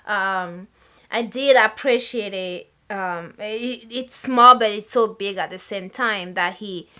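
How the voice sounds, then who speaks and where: A woman co-hosting a casual film review chat, thoughtful and giving steady affirming murmurs. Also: mid-range voice, slow. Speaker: podcast co-host.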